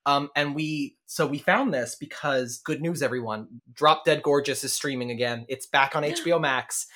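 A man co-hosting a podcast in casual chat, telling stories with quick asides and laughing as he goes. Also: mid-range voice, pushed and bright. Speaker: podcast co-host.

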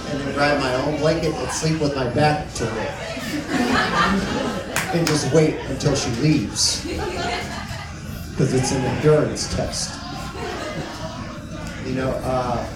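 A man doing a rambling, self-deprecating stand-up set on a comedy club stage and then hosting the show. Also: medium pitch. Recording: echoey room, mic at a distance, loud noise. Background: audience laughter.

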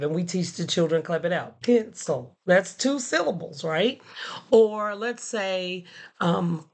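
A woman teacher telling a funny classroom story in a playful, animated way, laughing often. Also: on the low side. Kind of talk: casual storytelling.

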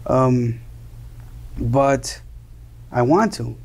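Young man, from Colombia, gravelly, mellow, earnest interview guest, restarts his words. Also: medium pitch, extremely slow. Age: young adult. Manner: earnest, repeats and restarts words while searching for phrasing. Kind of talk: earnest conversational storytelling.

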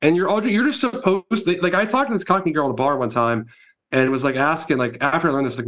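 Animated, swearing podcast co-host man. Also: a little high, quick pace. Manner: animated storytelling, swears freely. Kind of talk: casual chat. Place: New York.

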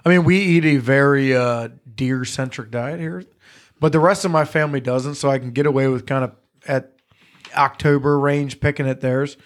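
A man's voice: medium pitch, fairly even intonation, normal speed. A man hosting a podcast, telling stories in a casual, profane way and laughing often. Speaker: podcast host. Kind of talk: casual chat.

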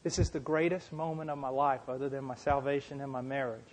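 A middle-aged man preaching a sermon, telling a story with impassioned, repetitive emphasis that swells toward fervent shouting. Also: mid-range voice, little pitch movement, fast. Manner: impassioned, rising to shouting fervor.

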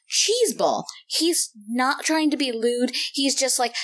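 A woman in casual podcast chat, telling an animated, laughing story about a tabletop game character. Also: sits high, slow, few pauses. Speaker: podcast co-host, tabletop gamer.

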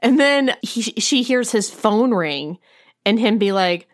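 A woman's voice: fairly high pitch, lively intonation, slow pace. A young woman co-hosting a casual chat, telling a story and quoting the characters. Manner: chatty, quotes characters with voices. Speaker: podcast co-host.

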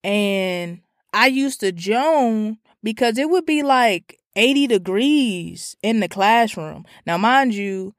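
A woman's voice: medium pitch, lively intonation, slow pace, dry recording. A young woman from Washington, D.C. tells a comic story in a profane, slangy way. She acts out every voice she quotes with lots of energy. Her voice sits in a middle register, and the recording is dry with no room sound.

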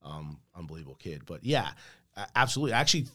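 Casual rambling man, lower pitch. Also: very animated, racing, fairly bright tone. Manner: rambling, repeats words, fatherly. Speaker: podcast guest. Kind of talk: casual chat.

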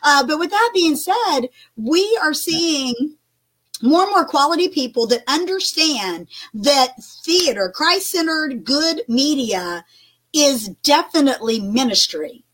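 High-voiced older woman, animated faith talk. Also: slow. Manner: animated, emphatic, many restarts. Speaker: Christian broadcast co-host. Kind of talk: casual faith talk chat.

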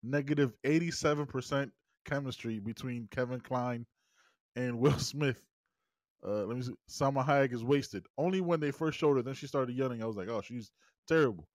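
A man co-hosting a casual movie podcast, chiming in with wry agreement and deadpan jokes. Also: mid-range voice, normal speed, dry recording. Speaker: podcast co-host. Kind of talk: casual movie review chat.

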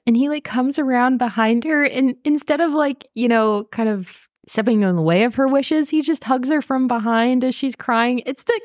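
A woman co-hosting a podcast, recapping a TV drama in a casual, animated way with lots of fillers and swearing. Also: high-pitched, moderate pace, hardly any pauses, no room sound, studio quality. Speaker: podcast co-host.

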